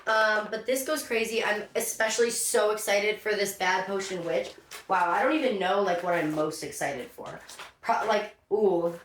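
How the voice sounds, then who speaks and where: A woman's voice: mid-range voice, normal speed, a bit bright, a little hiss or hum. A young woman vlogger chatting through an unboxing, gushing and effusive. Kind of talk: excited unboxing chat. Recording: echoey room, voice from a distance.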